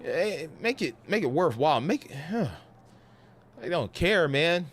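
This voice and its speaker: A man with a New York accent ranting casually on a game live stream, animated and slangy with lots of restarts. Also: on the high side, measured pace, slight background noise. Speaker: gaming streamer.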